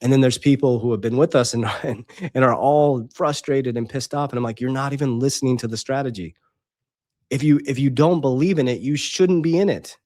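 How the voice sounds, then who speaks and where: A man's voice: medium pitch, a little fast, few pauses, dark tone, no room sound, studio quality. A man coaching viewers on money and investing in a casual monologue, hammering points home and checking in with "okay?". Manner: emphatic, repeats points, adds "okay?". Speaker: finance coach and app co-founder.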